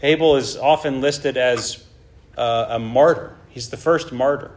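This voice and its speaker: A man's voice: mid-range voice, a little slow. A man preaching a sermon in an emphatic way, often checking in with his listeners. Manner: emphatic, checks in with "right?" and "okay?".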